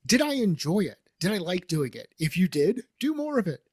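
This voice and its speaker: A man hosting a relaxed interview, his voice a touch higher than usual for a man. He talks with blunt enthusiasm and swears freely, recorded close with a dry, dead sound. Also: a little fast, breathy edge, no room sound. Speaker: interview host. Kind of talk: casual conversational interview.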